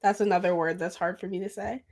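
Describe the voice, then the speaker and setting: A woman's voice: medium pitch, fairly even intonation, fast talker, creaky, a little mellow. A woman co-hosting a podcast in casual chat, rambling and giggling and tripping over words. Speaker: podcast co-host.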